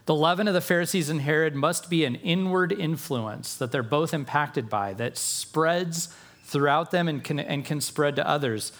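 Male pastor, pitched a bit high, earnest sermon delivery with hushed emphasis and lifted questions. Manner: earnest, shifts between quiet emphasis and raised rhetorical questions.

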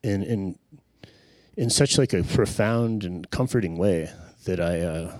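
A man in his forties speaks into a handheld microphone, sharing a personal testimony in an earnest, reflective tone. His voice sits a little low, and he pauses often to search for the right words. The sound is close and dry. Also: warm tone, no echo.

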